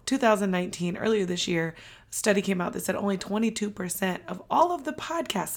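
A young adult woman hosting a motivational podcast, hoarse and a bit out of breath from losing her voice, talking in an energetic, emphatic, casual way with the odd swear. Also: fairly low pitch. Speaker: podcast host.

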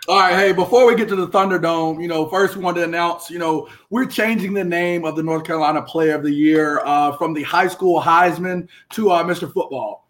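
A man's voice: a little high, fairly quick, few pauses, fairly bright tone. A man hosting a sports talk show, casual and hyped, filling gaps with "you know". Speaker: show host.

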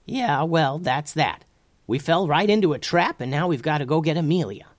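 A man doing a brisk, high-pitched Tubes. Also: lively intonation, no echo, studio quality, lightly acted. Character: brisk, no-nonsense woman guide, practical. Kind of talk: storybook reading.

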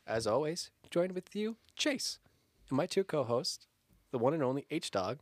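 A young man hosting a podcast in casual, joking chat, swinging between dramatic and flat delivery. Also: fairly high pitch, a little slow, dry recording. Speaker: podcast host.

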